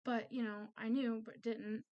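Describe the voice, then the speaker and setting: A woman's voice: a little high, level tone, unhurried, darkish tone, muffled recording. A woman talking candidly in a personal vlog, earnest and confiding, often trailing off with fillers. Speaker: vlogger. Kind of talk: personal vlog, candid talk about mental health.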